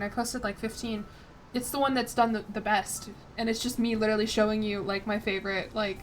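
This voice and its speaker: A woman streaming a strategy game, reading the game text aloud, stumbling over words, swearing and chatting with lots of "like". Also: medium pitch. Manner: chatty asides with frequent "like". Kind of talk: casual gameplay commentary.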